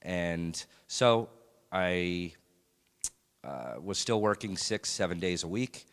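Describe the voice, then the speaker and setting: A man sharing a personal faith testimony in a church, speaking in a halting, reflective way with many pauses and fillers. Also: sits low, animated, clean tone. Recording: long hall reverb.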